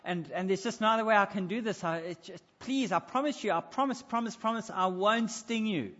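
Guy doing a stammery begging scorpion, quick, kinda muffled. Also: high voice, bright, forceful tone, pitched above the performer's own voice. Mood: pleading. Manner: stammering, pleading, repeats himself. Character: pleading desperate scorpion wanting a ride. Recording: dull sound with echoey hall.

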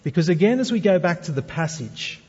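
Man, pastor, sermon, mellow husky voice, long reverb, dull lo-fi sound. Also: high-pitched, animated, fairly quick. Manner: earnest, addresses congregation with rhetorical questions.

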